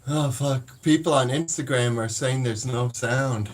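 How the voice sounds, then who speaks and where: A man's voice: mid-range voice, measured pace, slight background noise. A man who hosts a livestream, chatting casually in a blunt, profane, rambling way. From Canada. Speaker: livestream host.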